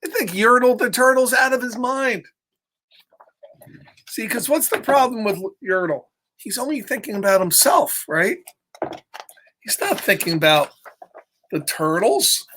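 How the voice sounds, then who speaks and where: A man's voice: extremely high pitch, expressive, unhurried, pauses often, pushed and bright, a little hiss or hum. A man reading a storybook aloud to children, chatting with them and asking friendly questions between the pages.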